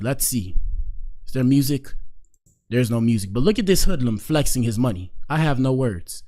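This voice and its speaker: A man's voice: medium pitch, lively intonation, normal speed, darkish tone. A man hosting a live stream, chatting in a rambling, slangy way with many fillers. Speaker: streamer host. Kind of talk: casual live-stream commentary.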